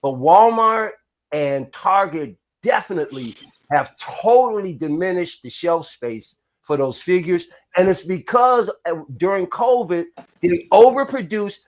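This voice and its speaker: A man with a high, very animated voice hosts a casual chat. He talks in a lively way and jumps in over the other speakers. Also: measured pace.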